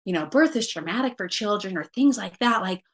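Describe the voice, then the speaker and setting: A woman speaking as a podcast guest in a casual, storytelling way. She talks at a medium pitch, fills her sentences with "like" and "you know", and lifts her voice when she quotes her own thoughts. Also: lively intonation, brisk.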